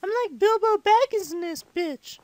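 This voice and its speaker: A hyper five-year-old boy gamer rambles excitedly over his game in a piercing, sky-high squeak. The sound is dry and close, with no room around it. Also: normal speed, no room sound. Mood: chatty. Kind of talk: comedic let's-play commentary.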